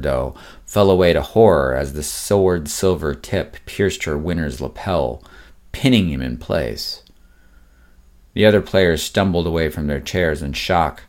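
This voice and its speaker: Very deep-voiced male story narrator. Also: darkish tone. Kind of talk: scripted audiobook narration.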